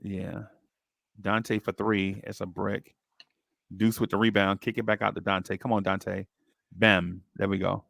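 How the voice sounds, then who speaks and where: A man's voice: fairly low pitch, level tone, unhurried, gravelly, fairly bright tone, no room sound, studio quality. A man hosting a casual basketball watch-along who reads out chat comments and calls plays as they happen, with a teasing manner. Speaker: podcast host reading chat.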